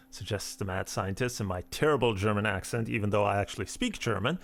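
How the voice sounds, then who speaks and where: A man's voice: lowish voice, lively intonation, brisk, gravelly. A man hosting a let's play of a text game, reading the game text aloud and adding wry asides.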